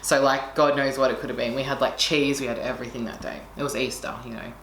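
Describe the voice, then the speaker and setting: A woman's voice: rumbling low, steady tone, quick pace, a bit bright. A young woman telling a story in casual chat, passionate and swearing freely as she acts out what people said. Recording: echoey room with faint noise.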